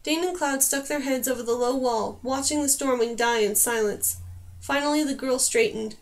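A woman narrating a fantasy novel aloud as an audiobook, in a steady storytelling voice. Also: sits high, moderate pace.

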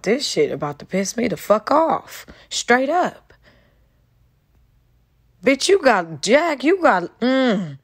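A woman's voice: a little high, very animated, takes it slowly, pauses often, breathy edge, no echo, studio quality. Fired-up woman ranting to her viewers. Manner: angry, profane, talks straight to viewers. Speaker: commentary channel host. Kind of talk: heated casual commentary.

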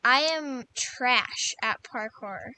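A woman's voice: fairly high pitch, very slow, pushed and bright, clean tone. A woman chatting casually while playing a game, chatty and self-mocking. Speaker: gamer. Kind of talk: casual gameplay chat.

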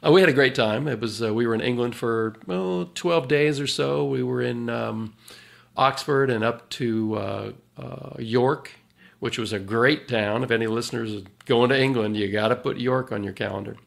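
A man, a financial advisor on a podcast, chatting in a relaxed way with chuckles and then explaining retirement planning. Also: medium pitch, normal speed, vocal fry. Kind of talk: casual podcast chat.

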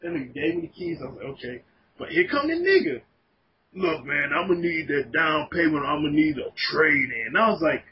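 Animated man telling a rambling story. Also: fairly high pitch, a little fast. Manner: animated, laughing, profane storytelling. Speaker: podcast guest. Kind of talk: casual storytelling chat. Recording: dull lo-fi podcast audio with faint noise.

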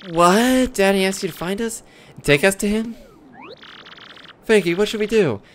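A man's voice: high-pitched, unhurried, slight background noise. A man voicing a lovestruck, melodramatic young female tree-creature who pleads and swoons. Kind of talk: reading game dialogue in character.

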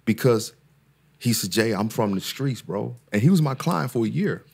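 A man's voice: mid-range voice, animated, normal speed, gravelly, darkish tone, husky. A man, a therapist and guest speaker, talking in a casual podcast conversation with an earnest, preacher-like cadence that climbs when he makes a point, often repeating words and restarting sentences.

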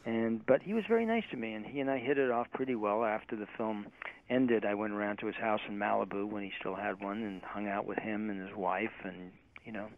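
A man's voice: on the low side, a little fast, slight background noise. A man, a film director, chatting in an interview and telling stories about the people he has worked with. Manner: chatty storyteller who mimics people he quotes. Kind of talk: casual interview chat. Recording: tinny phone line.

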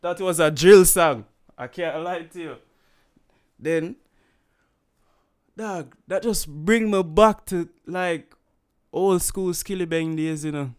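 A man's voice: on the high side, slow pace, pauses often, clean tone. A man from Jamaica with a Jamaican accent, chatting casually as he reacts to a song and slipping into patois. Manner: relaxed and chatty, slips into patois, frequent "you understand?". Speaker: music reaction host. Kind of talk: casual music reaction commentary.

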